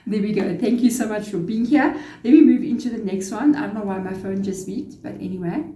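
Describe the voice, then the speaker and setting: A woman's voice: mid-range voice, brisk, dark tone, echoey room, a little hiss or hum. A woman giving a casual tarot reading to camera, chatty and relaying spirit messages. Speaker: tarot reader.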